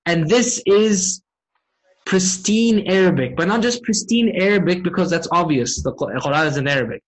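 A man teaching an online Arabic grammar class, often asking his students questions and reciting verses quickly. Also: high-pitched, poor audio. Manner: engages students with frequent questions.

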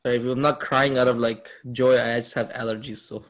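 A man teaches a Quranic Arabic class, his mid-range voice steady in tone and fairly quick. Upbeat and prone to frequent laughter, he keeps asking his students questions throughout the lesson.

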